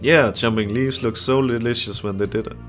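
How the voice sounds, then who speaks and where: A man's voice: medium pitch, steady tone, fairly quick, a bit bright, soft background music, lightly acted. A man voicing a friendly, eager boy in a visual novel and reading his lines in a chatty, cheerful way.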